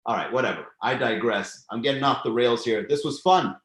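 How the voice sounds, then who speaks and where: A man's voice: medium pitch, a little fast, fairly bright tone, reverberant. A man hosting a live comedy stream, chatting loosely and profanely as he reads and riffs on viewer comments. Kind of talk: casual live-stream chat reading comments.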